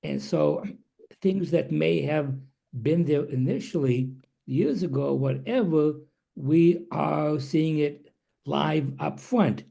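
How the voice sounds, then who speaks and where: A man speaking thoughtfully and in a measured way in a group discussion, on a video call. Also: on the high side, gravelly, warm tone. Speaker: discussion participant.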